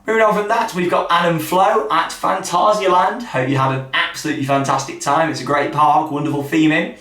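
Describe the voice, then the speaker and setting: A man hosting a casual weekly theme park news roundup, chatty and upbeat, with quick asides, recorded in a hotel room. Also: on the high side, steady tone, sharp tone. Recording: echoey room, mic at a distance.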